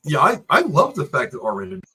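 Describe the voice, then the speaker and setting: A man with a husky, somewhat high voice talking through his views on film in a casual podcast. He reflects at length and builds his points in long explanations. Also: huge pitch swings, moderate pace, sharp tone, low-quality recording. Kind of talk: casual movie review chat.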